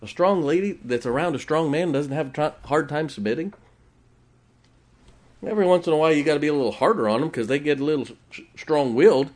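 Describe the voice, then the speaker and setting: A male preacher delivers his sermon in a folksy, chatty way, laughing often between points. His voice sits a little high for a man and swings up and down a lot. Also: expressive, fast talker, a little mellow. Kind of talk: conversational sermon.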